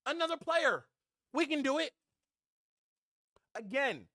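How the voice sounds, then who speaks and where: A man's voice: sits high, lively intonation, unhurried, long pauses, sharp tone, no echo, clean studio sound. A man hosting a fan podcast, delivering a blunt, heated, preachy sports rant.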